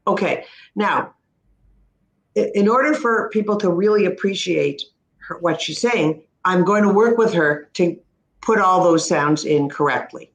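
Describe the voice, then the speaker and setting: A middle-aged Canadian woman, a speech-language pathologist, teaches pronunciation in a crisp, instructive way, slowing down to model each word carefully. Her voice sits on the low side, and the recording has a noticeable room echo.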